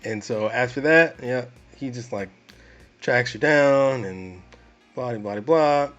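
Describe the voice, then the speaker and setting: A man co-hosting a casual movie review podcast, animated, restarting his sentences often. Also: mid-range voice, slow pace, highs cut off, soft background music. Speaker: podcast co-host.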